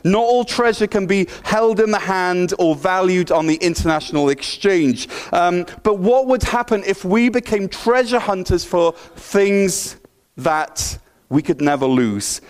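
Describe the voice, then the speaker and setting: A man preaching a sermon in an energetic, playful, conversational way. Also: high voice. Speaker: pastor.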